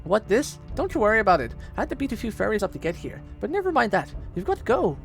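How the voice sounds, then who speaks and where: A man voicing a gruff, protective old blacksmith who talks brusquely and urgently. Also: high-pitched, wildly swooping pitch, fast talker, faint music behind, voice pushed up, exaggerated voice.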